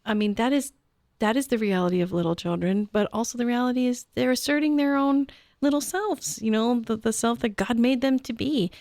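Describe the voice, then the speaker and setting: A woman's voice: a little high, brisk, darkish tone, no echo, clean studio sound. A woman in her fifties talking on a radio show, reflective and self-deprecating, with hesitant restarts and frequent laughter. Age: 50s. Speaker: co-host or guest. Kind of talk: conversational radio talk show.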